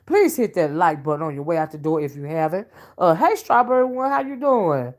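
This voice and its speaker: A woman's voice: deep voice, lively intonation, brisk, darkish tone. A woman hosting a casual livestream from her home, chatting folksily, calling listeners honey and child, and thanking viewers by name. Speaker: self-styled oracle and livestream host. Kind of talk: casual livestream chat, reading viewer comments. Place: at home while cooking dinner.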